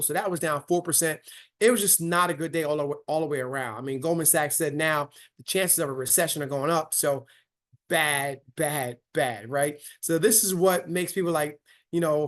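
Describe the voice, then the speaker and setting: A man's voice: fairly high pitch, fairly bright tone. Upbeat man coaching new investors. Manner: upbeat, talks to listeners with frequent "right?". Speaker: financial coach hosting an investing session. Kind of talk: casual online investing lesson.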